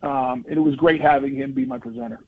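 A man in his fifties, a former football lineman, telling personal stories as an interview guest in an earnest, animated way with many restarts. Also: fairly high pitch, quick pace, vocal fry, husky, dry recording. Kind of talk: conversational interview storytelling. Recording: dry, phone-like radio line.

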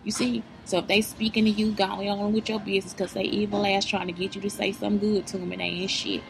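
A woman vlogger gives blunt, profane motivational advice directly to her viewers in a preachy style. Her medium-pitched voice is level and creaky, and she talks fast over music on poor audio.

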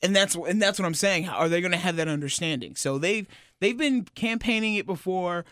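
Young podcast dude, kinda high voice, stumbles through explanations, dead dry studio. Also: male voice, a bit bright, no room sound. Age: young adult. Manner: explains haltingly with restarts and hedges. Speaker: podcast co-host. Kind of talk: casual chat. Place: radio building studio.

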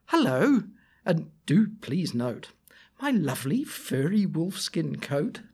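Man doing a high sing-song little girl. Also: very animated, slow, a little mellow, breathy edge, exaggerated voice. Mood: smug. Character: little girl in red, bold and sweet.

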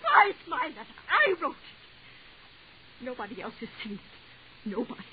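Actress playing a frantic jealous wife, old radio drama, pleading and breathless, thin phone-like sound. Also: female voice, fairly high pitch, lively intonation, a little fast, lightly acted. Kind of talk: 1940s radio acting. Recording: tinny old radio broadcast with hiss.

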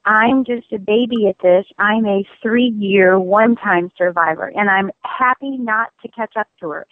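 A woman's voice: mid-range voice, unhurried, no room sound. A woman who is a guest on a radio show, talking in a playful, teasing way. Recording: tinny phone line.

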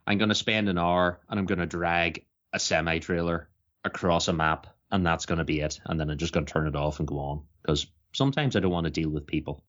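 A low-voiced man co-hosting a podcast, chatting in an easy, laid-back way. His voice sits deep, and the audio is somewhat dull and lo-fi. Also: fairly quick, fairly bright tone. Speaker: podcast co-host. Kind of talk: casual chat.

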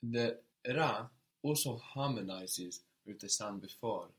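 Man, language teacher, unhurried speech, patient prompting, repeats each answer. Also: fairly low pitch. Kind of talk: audio language lesson.

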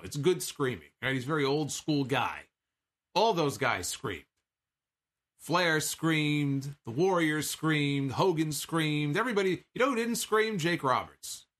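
Bright-voiced man recapping wrestling. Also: a little high. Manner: chatty, sarcastic, swears casually. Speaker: wrestling podcast host. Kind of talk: casual recap commentary.

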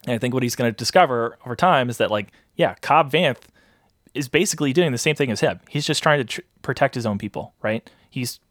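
A man's voice: medium pitch, expressive, brisk, a bit bright, dry recording, studio quality. A man hosting a casual podcast chat, explaining steadily and thoughtfully with hesitant restarts. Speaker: podcast host.

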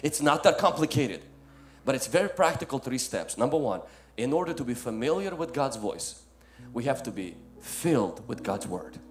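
A male pastor preaching a sermon, swinging from loud emphatic lines to soft ones and calling listeners "my friend". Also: mid-range voice, sing-song, normal speed.

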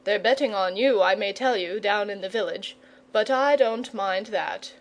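A woman's voice: mid-range voice, moderate pace, natural voice. A woman voicing a frank, pleasant, patient male knight in a storybook reading. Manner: frank and persuasive.

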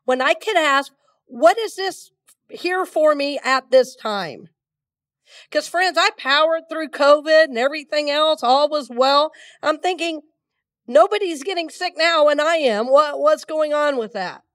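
High-voiced woman preaching, still congested from a cold. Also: far from the mic. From Georgia, US. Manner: conversational, repeats words, leads call-and-response. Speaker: minister. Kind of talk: sermon to a live congregation.

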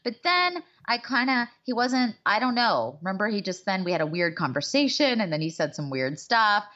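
A woman co-host on a podcast, confessional and outspoken, who swears casually. Her pitch swings widely as she talks. The recording sounds dull and lo-fi. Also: sing-song, moderate pace, fairly bright tone. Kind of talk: casual gossip chat.

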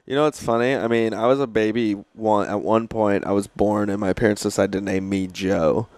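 A man's voice: on the low side, fairly even intonation, a little fast, a little mellow, no room sound. A young man co-hosting a podcast in casual chat, rambling and restarting his sentences, laughing easily. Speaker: podcast co-host.

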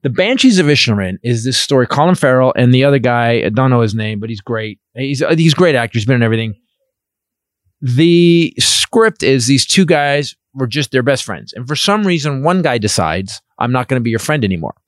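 Animated rambling man, dry close sound. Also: medium pitch, moderate pace, no room sound. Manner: animated, rambling, voices quoted people. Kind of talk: casual comedic chat.

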